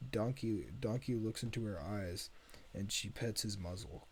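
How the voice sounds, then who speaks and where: A man's voice: lowish voice, measured pace, breathy edge. A man streaming himself reading a film script's stage directions aloud, stumbling and correcting himself.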